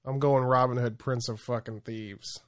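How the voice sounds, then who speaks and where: A man's voice: medium pitch, fairly even intonation, normal speed, no room sound. Man, podcast co-host, brash and profane, mid-range voice, dry close mic. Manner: brash, profane, mock-aggressive. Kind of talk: casual chat.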